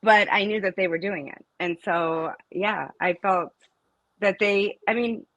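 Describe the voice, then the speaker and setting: In a relaxed interview, a student's middle-aged mother recounts stories with emphasis, frequently starting sentences over. She speaks at a measured pace in a medium, slightly bright voice, captured with no room sound and poor audio quality.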